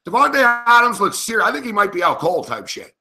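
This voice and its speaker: Man, sports betting host, live commentary, angry and profane, very bright voice. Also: high-pitched, big pitch swings, fairly quick. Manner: angry, swearing, indignant.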